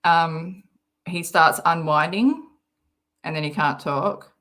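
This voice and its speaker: An Australian-accented woman chats casually on a livestream, reading viewer comments aloud between giggly, rambling asides. Her voice sits low, a bit bright, at a slow pace.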